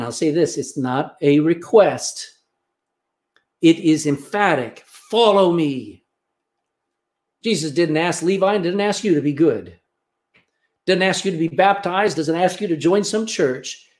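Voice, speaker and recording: Emphatic preaching man, highish voice. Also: a little mellow. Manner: emphatic preaching, pitch rising on key phrases, quoting scripture. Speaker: pastor. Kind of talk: sermon.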